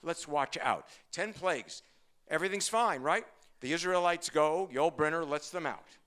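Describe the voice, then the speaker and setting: An older man, a rabbi giving a humorous sermon, talking fast and telling stories with jokes. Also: fairly high pitch, smooth. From Brooklyn, New York. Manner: fast-talking, joking, animated storytelling.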